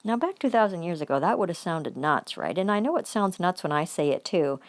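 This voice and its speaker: A woman's voice: on the low side, animated, fairly quick. Woman, heated accusatory rant, heavy swearing, reads legal demands aloud. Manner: reads out formal demands between outbursts. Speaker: vlogger. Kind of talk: angry profane rant.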